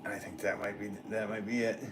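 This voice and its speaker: An American man in his forties, a potter chatting casually on a livestream and reading viewer comments in a rambling, relaxed way. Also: lowish voice, brisk, background noise. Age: 40s. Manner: rambling, relaxed, filler-heavy talk with laughs. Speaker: potter streaming live.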